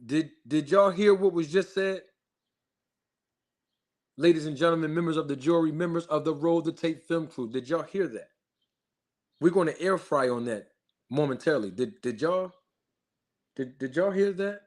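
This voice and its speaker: A man's voice: on the high side, moderate pace, long pauses. Man hosting a hyped live stream. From Philadelphia. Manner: hyped, shouts out viewers, repeats himself emphatically. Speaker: livestream host. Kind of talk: live-stream chat and commentary.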